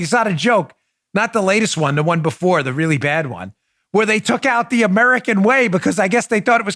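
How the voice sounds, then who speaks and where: A man's voice: sits high, fairly bright tone, no echo, clean studio sound. A middle-aged man hosting a podcast, delivering a fired-up political commentary monologue with emphatic, repeated words. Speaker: podcast host.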